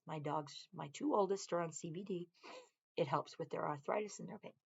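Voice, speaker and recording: A woman's voice: on the low side, fairly quick, gravelly, darkish tone, slightly rough, dull audio. A woman, a veteran, chatting casually on a home live stream from her living room, rambling and drifting off on tangents. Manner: rambling, easily sidetracked, talks to her dogs and viewers. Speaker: vlogger, military veteran.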